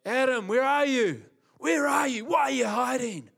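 A man voicing God calling out to Adam, pleading and heartbroken, his voice raised higher than his usual speech. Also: normal speed, gravelly, a bit bright, heavily acted. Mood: pleading loud.

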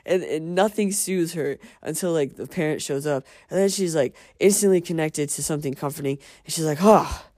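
A man's voice: on the high side, fairly quick, hardly any pauses, warm tone, no room sound, clean studio sound. A man hosting a casual monologue, rambling and profane, often interrupting himself. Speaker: podcast host.

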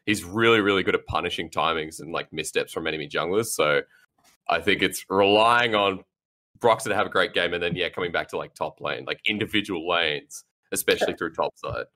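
A man's voice: low-pitched, fairly quick, pushed and bright. A male esports caster in a casual panel discussion, chatty and joking with lots of filler words.

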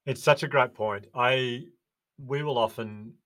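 A man with an Australian accent, a podcast guest who tells animated stories and acts out the voices of the people in them. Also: mid-range voice, unhurried. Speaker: podcast guest, resilience educator. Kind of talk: casual interview chat.

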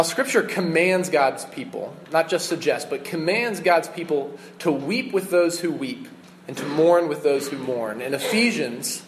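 A man in his thirties delivers a sermon in an earnest, conversational tone, pausing on small fillers as he explains. His voice sits a little higher than most men's, and a faint hum of room noise runs underneath. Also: low-quality recording. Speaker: pastor.

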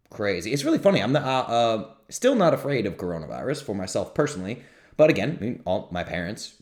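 A man with a fairly low voice hosts his own podcast from a home setup. He talks in a loose, rambling, upbeat way and keeps poking fun at himself. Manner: upbeat, rambling, self-mocking with quick asides. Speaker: podcast host. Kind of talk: casual solo podcast talk. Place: home studio.

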